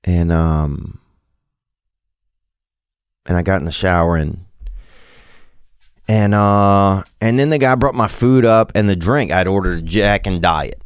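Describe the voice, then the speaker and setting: A man's voice: sits low, slow pace, long pauses, smooth, no echo, studio quality. A man in his thirties with a Southern American accent, telling a rambling, self-deprecating story in a casual monologue.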